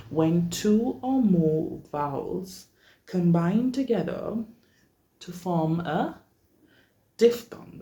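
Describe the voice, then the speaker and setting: A vocal coach teaching vowels in a workshop, checking in with listeners often. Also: warm tone. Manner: checks in often, demonstrates vowels at high pitch. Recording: echoey room.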